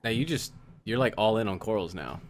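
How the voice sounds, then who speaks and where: A young man co-hosting a casual podcast chat, rambling and halting, full of fillers and restarts. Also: fairly low pitch, expressive. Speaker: podcast co-host.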